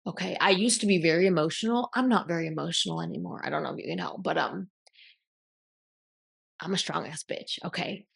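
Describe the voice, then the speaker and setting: A woman's voice: fairly low pitch, a little fast, gravelly, slightly rough. A woman giving a blunt, emphatic motivational talk as a self-help coach, swearing casually.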